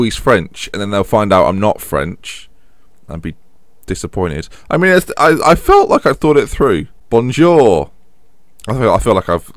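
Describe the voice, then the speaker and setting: Chatty self-mocking Englishman, low dry voice. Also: a bit bright, no room sound. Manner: self-mocking, rambling, chuckles often. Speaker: game commentator. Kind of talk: casual let's-play commentary.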